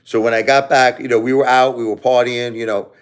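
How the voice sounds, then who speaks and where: A man's voice: medium pitch, little pitch movement, brisk, clear, resonant tone. A man hosting a live stream, telling a story in a casual, jokey, rambling way.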